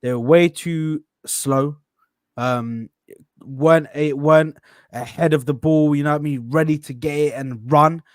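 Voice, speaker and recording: A man's voice: fairly high pitch, measured pace, no room sound, clean studio sound. A man hosting a football reaction panel in casual, slangy chat. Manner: animated, slangy, says bro a lot. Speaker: channel host.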